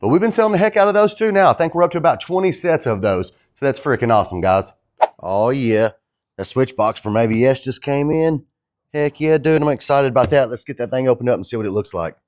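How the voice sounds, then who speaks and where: A young man chatting casually in his shop vlog, laid-back and excited, tossing in "dude" and "man". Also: medium pitch, a little fast, no room sound, clean studio sound. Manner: laid-back and enthusiastic, drawling, calls viewers dude and man. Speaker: custom truck builder and vlogger.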